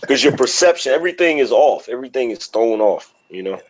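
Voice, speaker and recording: A man's voice: mid-range voice, expressive, fast talker, poor audio. A man in casual chat giving blunt advice, emphatic and repeating his points. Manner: emphatic, advising, repeats himself.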